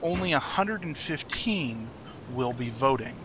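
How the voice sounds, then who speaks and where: A man's voice: mid-range voice, animated, a little slow, fairly bright tone, a little hiss or hum, poor audio. A young man co-hosting a podcast in casual chat, rambling with many fillers and frequent laughs. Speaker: podcast co-host.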